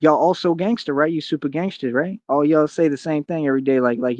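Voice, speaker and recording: A man's voice: on the high side, brisk, hardly any pauses, no echo, highs cut off. A man delivering a confrontational, boastful rant as a streamer, heavy on slang and taunts. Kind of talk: ranting monologue to camera.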